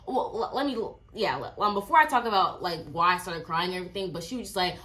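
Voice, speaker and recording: A woman in her twenties telling a casual storytime, chatty and animated, with lots of filler likes. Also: mid-range voice, fast, few pauses. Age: 20s. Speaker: vlogger.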